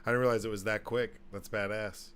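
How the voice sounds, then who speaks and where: A man hosting a podcast in casual chat, loud and joking, swearing freely and slipping into put-on voices. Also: on the low side, flat delivery, fairly quick, a little hiss or hum. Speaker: podcast host.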